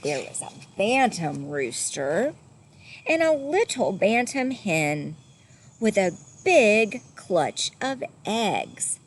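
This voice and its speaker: Lively woman reading a children's story. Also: medium pitch, slow, slight background noise. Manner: gentle and lively, doing animal sounds and asking listeners questions. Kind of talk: read-aloud storytime.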